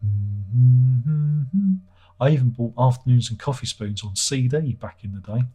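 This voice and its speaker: A livestream host chatting loosely to his viewers, self-deprecating and casual with his swearing. His voice is dark and mellow with some huskiness in it. He talks into a home streaming microphone. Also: medium pitch, a little fast, slightly rough. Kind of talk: casual chat reading viewer comments.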